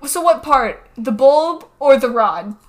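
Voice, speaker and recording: Young woman, podcast co-host, slightly high voice, wry, laughs often, casual chat. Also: expressive, slow pace. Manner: wry, reads out her notes, laughs often. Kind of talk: casual chat recapping a cartoon episode.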